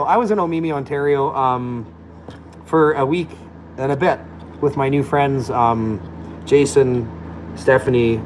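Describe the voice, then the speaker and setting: A man's voice: mid-range voice, a little mellow, slight background noise, rough recording. A man ranting bluntly and combatively, swearing freely in a loose, profane monologue. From Alberta, Canada. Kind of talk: profane rant.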